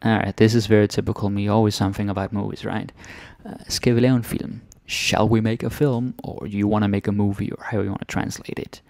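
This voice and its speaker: A man with a Danish accent teaching Danish grammar in English, chatty, with "ikke?" tags and sudden soft whispers. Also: fairly low pitch, level tone, fairly quick, vocal fry, hardly any pauses, no echo. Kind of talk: explaining grammar to learners.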